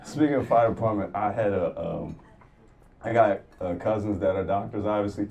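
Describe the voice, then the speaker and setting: A man performing a stand-up comedy set, telling stories in a profane, animated way and acting out the people in them. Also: lowish voice, normal speed, gravelly. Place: comedy club stage before a laughing crowd. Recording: distant mic, audible room noise.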